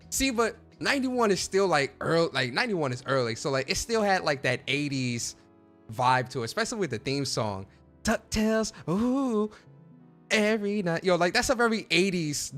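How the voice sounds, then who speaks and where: A man's voice: on the high side, a bit bright. A man hosting a casual livestream chat, talking in a chatty, slangy way and reacting to viewers. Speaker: podcast host.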